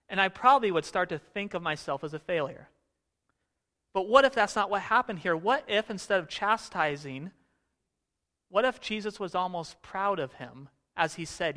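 A man preaching a sermon, reading scripture and then musing aloud in a relaxed, questioning way, sometimes acting out voices. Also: sits high, moderate pace, long reverb tail. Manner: conversational, questioning, acts out voices. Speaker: pastor.

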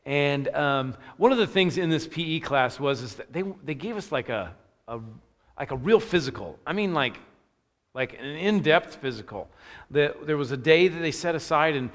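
A man's voice: fairly high pitch, lively intonation, moderate pace. A man preaching a sermon as a pastor, telling a self-deprecating story with restarts and fillers before moving into scripture. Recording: long hall reverb.

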